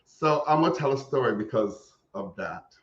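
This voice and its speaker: A man co-hosting a casual podcast, telling an embarrassing story in a sassy, animated way with swearing. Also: medium pitch, normal speed, echoey room, dull audio. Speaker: podcast co-host. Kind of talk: casual chat, comic storytelling.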